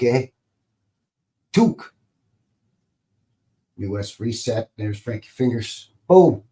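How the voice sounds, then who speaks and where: A man's voice: on the low side, a little mellow. A Canadian man hosting a casual livestream, rambling and enthusiastic, often chuckling. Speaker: livestream host. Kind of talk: casual live-show chat.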